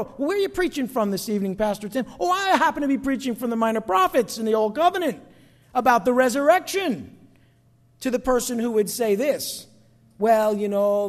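A middle-aged pastor preaching in an emphatic style, leaning on phrases and drawing responses from his congregation. His voice sits very high for a man. The sound carries the long reverb of a church hall. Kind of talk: sermon. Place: church sanctuary.

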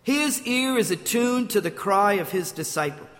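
A man's voice: high-pitched, expressive, moderate pace, fairly bright tone, in a large hall. An older man preaching a sermon, telling stories with restarts and acting out quotes. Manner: storytelling with restarts, acts out quotes. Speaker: pastor.

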